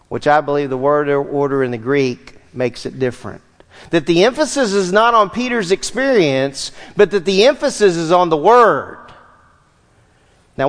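A man preaching a verse-by-verse sermon as pastor, animated and asking the congregation questions. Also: sits high. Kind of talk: expository sermon. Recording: long hall reverb.

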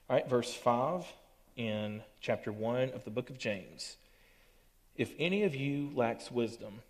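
A man leads a youth group Bible study, joking with the kids in a loose, easygoing way. His mid-range voice carries a long reverb tail from a church hall. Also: mid-range voice. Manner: casual, teasing and joking with listeners. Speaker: youth pastor.

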